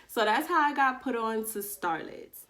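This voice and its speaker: A woman from Long Island, casually telling a storytime vlog to camera at home, slangy and animated, acting out bits of dialogue. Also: on the high side, normal speed. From Long Island, New York. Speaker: vlogger. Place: indoors at home, daytime.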